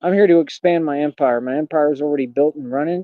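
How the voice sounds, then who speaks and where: A man rants on his livestream, boastful, defiant and mocking. His voice sits fairly high yet sounds mellow and warm. The audio is dry and lo-fi. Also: fast, hardly any pauses, dry recording. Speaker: livestream host. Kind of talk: unscripted ranting monologue.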